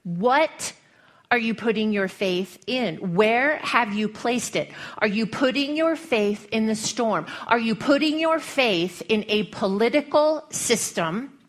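A woman's voice: a little high, lively intonation, takes it slowly. A woman preacher with a Western American accent, giving a folksy, humorous sermon full of storytelling.

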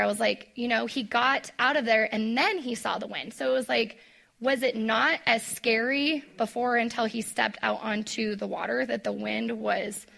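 A woman teaches a Bible story to her women's group in a loose, chatty way, full of "like" and acted-out quotes. Her voice sits a little high and sounds bright, with a gravelly edge. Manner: chatty, lots of "like", acts out quotes; talks to the audience directly. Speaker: women's Bible study leader. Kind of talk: casual devotional teaching.

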